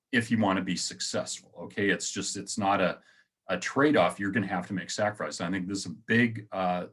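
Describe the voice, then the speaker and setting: A man with a low, husky voice talks straight to his audience in a relaxed, conversational way. He hosts his own motivational video, circling back on phrases and calling his viewers guys. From United States. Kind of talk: casual motivational talk to camera.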